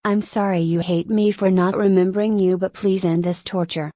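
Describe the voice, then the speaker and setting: A woman's voice: medium pitch, steady tone, moderate pace, mellow, dry recording, studio quality, close to an everyday voice. A woman voicing a smug teenage boy who teases and questions his training partner in an audiobook reading. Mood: breathless.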